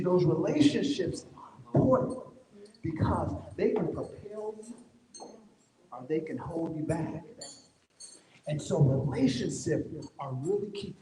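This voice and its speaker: A man's voice: a little high, dark tone. A man giving a motivational talk to a live conference audience, telling his life story in a folksy way and talking straight to the crowd. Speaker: conference speaker. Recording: echoey hall with long reverb.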